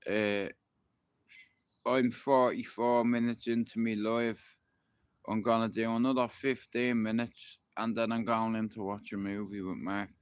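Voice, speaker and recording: A man's voice: fairly low pitch, level tone, unhurried, clean tone, dry recording. A middle-aged man with a Dublin Irish accent, telling rambling stories and swearing freely on a live stream from his garden. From Ireland. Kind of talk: casual live-stream storytelling. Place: outdoors in a garden.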